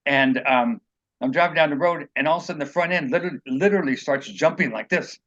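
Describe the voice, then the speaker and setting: A man's voice: a little high, fast talker, a bit bright, lo-fi sound, slight background noise. A man being interviewed as an author, telling personal stories in a rambling, earnest way and acting out what people said. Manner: rambling, earnest, acts out quotes.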